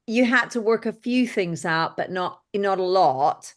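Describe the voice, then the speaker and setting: A middle-aged woman telling lively, blunt stories as an interview guest. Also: mid-range voice, measured pace. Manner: lively anecdotal, blunt and exclamatory. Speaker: guest, film set decorator. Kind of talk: casual interview storytelling.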